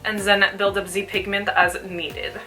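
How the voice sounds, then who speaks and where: A woman's voice: mid-range voice, flat delivery, unhurried, recorded from a distance, over music. A young woman chatting casually while doing a makeup tutorial, peppering her talk with "like". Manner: chatty, fills speech with "like". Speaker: beauty vlogger.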